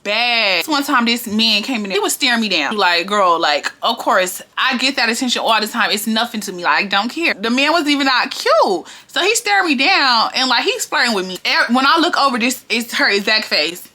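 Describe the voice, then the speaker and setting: A young woman telling a work story to camera in a loud, sassy, profane storytime rant. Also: on the high side, expressive, brisk, hardly any pauses. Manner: loud, passionate delivery.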